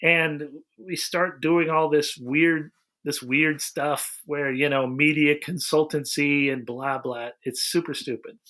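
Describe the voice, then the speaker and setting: A man's voice: fairly high pitch, slow. A man co-hosting a podcast, rambling through a casual movie review with lots of restarts. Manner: rambling, restarts often, animated retelling. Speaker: podcast co-host.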